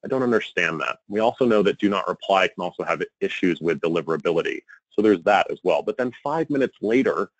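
A man giving a conference presentation, animated and exasperated, with a joking edge. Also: sits low, fast, no echo, poor audio. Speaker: conference speaker on email marketing.

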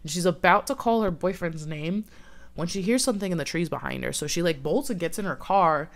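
A woman's voice: fairly low pitch, a little fast. Chatty woman telling a campfire story. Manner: chatty, filler-heavy, lots of "like".

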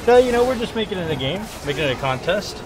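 Excitable young man narrating his gameplay. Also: high-pitched, quick pace, background noise. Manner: excitable, playful, trash-talking. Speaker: gaming streamer. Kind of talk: live gameplay commentary.

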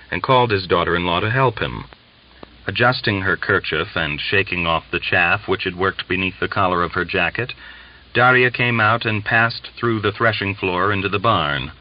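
A man reading a novel aloud as an audiobook narrator, measured and steady. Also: low-pitched, muffled recording.

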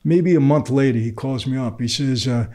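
A man's voice: mid-range voice, moderate pace, mellow. An older man, a guest telling anecdotes in a casual interview, with frequent "right?" asides. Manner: streetwise, tells anecdotes with lots of "right?" asides.

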